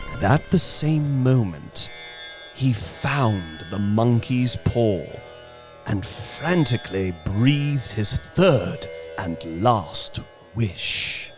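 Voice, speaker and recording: A man narrating a suspenseful classic horror tale in a dramatic audiobook reading. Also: mid-range voice. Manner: slow, suspenseful storytelling. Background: faint music.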